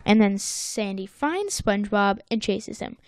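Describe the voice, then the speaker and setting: 女播客主持人在轻松闲聊中复述剧情，语气俏皮、絮絮叨叨，声音干涩，贴近麦克风。. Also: female voice, mid-range voice, expressive, measured pace, dry recording, studio quality. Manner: playful, rambling storytelling. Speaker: podcast co-host. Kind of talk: casual episode recap chat.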